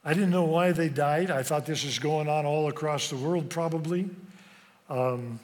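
A middle-aged man from West Africa tells a personal story from a stage, earnest and emotional, pausing and hesitating as he goes. His voice sits a little high for a man. The sound carries a long reverb from a large hall. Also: darkish tone. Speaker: speaker.

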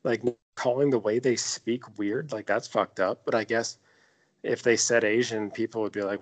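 A man's voice: fairly low pitch, steady tone, normal speed. A man in his thirties co-hosting a podcast, joking and swearing through loose casual chat. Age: 30s. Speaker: podcast co-host.

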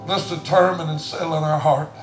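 A middle-aged man preaching a sermon as pastor, swinging from hushed storytelling to shouted preaching. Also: a little high, fairly even intonation, fairly quick, reverberant, over music. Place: church sanctuary.

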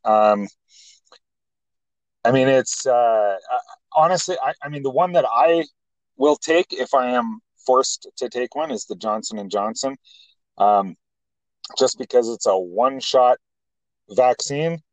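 A man, co-hosting a casual political talk show, speaking haltingly with many restarts. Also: mid-range voice, no echo, poor audio. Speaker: co-host.

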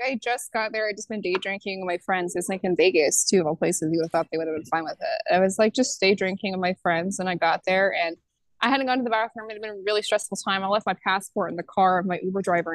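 A woman's voice: mid-range voice, no echo, rough recording. A young woman from Georgia chatting with strangers, telling a rambling, profane story. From Savannah, Georgia. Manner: loose, rambling storyteller, swears freely. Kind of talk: casual chat. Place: airport or hotel area.

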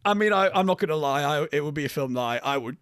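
Animated man, lively voice. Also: on the high side, quick pace, clear, resonant tone, dry recording, studio quality. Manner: animated, jokey, slips into film-quote impressions. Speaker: podcast co-host. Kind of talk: casual film chat.

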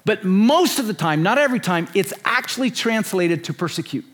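Emphatic man in his sixties preaching, high voice. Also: expressive, fairly quick, a bit bright. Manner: emphatic and repetitive, with rhetorical questions. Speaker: conference speaker. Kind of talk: sermon.

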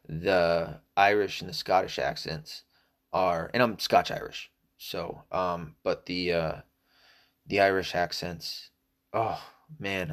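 Deep-voiced profane man rambling. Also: a bit bright. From American South. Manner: profane, digressive, many fillers. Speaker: solo talker. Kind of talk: casual rambling monologue.

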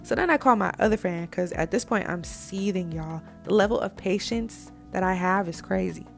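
A woman's voice: medium pitch, normal speed, gravelly, soft background music. A young woman telling a story in a casual, candid way, with blunt slang, talking straight to her listeners. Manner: animated and candid, addresses listeners as "y'all"; blunt slang-heavy speech.

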